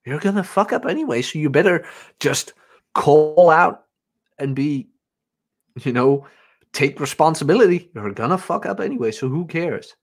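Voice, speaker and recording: Blunt, animated male podcast host. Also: unhurried, long pauses. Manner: blunt, swears freely, acts out quotes in a higher voice. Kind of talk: casual podcast chat.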